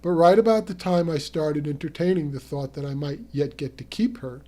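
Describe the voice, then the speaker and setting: A man's voice: fairly high pitch, moderate pace, dark tone. A man telling a vivid first-person story as narrator of an audio tale.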